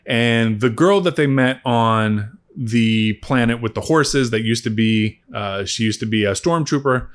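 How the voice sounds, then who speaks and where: A man talks through a film in a loose, rambling vlog review. His voice sits at an ordinary middle pitch, and he swears freely and jumps into animated asides as he goes. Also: measured pace, hardly any pauses. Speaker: movie reviewer. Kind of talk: casual spoken review.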